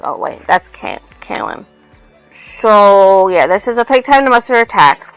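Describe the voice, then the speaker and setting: A woman's voice: medium pitch, expressive, a little slow, creaky, pauses often, faint music behind, low-quality recording. A woman casually recapping a novel for her channel, rambling and loosely reading out quotes from it. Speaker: book reviewer.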